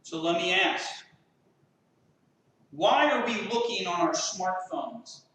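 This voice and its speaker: A man's voice: sits high, lively intonation, takes it slowly, a bit bright. A man preaching a sermon as pastor, impassioned and full of rhetorical questions. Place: church sanctuary. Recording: very echoey room, mic far off.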